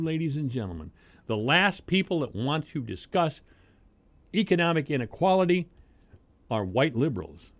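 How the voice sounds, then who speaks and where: A man hosting talk radio with a Midwestern American accent, delivering a heated, sarcastic opinion monologue that swings between loud outbursts and low muttering. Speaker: radio talk show host.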